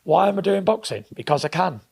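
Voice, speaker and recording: A man's voice: sits high, expressive, fast talker, gravelly, a little mellow, slightly rough. A professional boxer speaking bluntly and emphatically in a recorded interview, repeating his points to drive them home.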